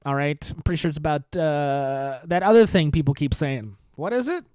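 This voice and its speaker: A man's voice: a little high, normal speed, a little mellow, clear, resonant tone, no room sound. A man hosting a podcast, ranting in a rambling, sarcastic and profane way, full of rhetorical questions and repeated phrases. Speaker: podcast host. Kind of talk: casual political rant.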